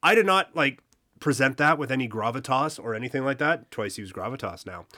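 A man's voice: mid-range voice, lively intonation, fairly quick, pushed and bright. A man with a Boston accent, tinged with Texas, co-hosting a casual history chat and reading from notes with easy laughs. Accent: Boston with a touch of Texas. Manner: laid-back, chuckling, hesitant restarts. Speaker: podcast co-host.

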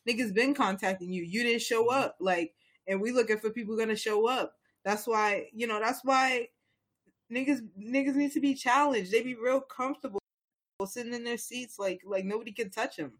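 Rambling and frequently starting over, this young co-host of a casual talk show sounds impassioned. He talks a little fast in a high, fairly bright voice.

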